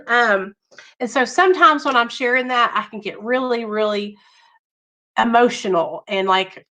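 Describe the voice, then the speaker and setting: Bright-voiced woman chatting on stream. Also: fairly high pitch, rough recording. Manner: talks straight to viewers, reads chat names, earnest and emphatic. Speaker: livestream host. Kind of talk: casual livestream chat with viewers.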